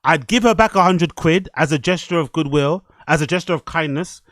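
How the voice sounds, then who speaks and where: This man's voice is a little high and fairly bright, moving a little fast. Hosting a podcast, he rambles through loose, profane commentary and keeps asking "you know what I mean." The recording is dry.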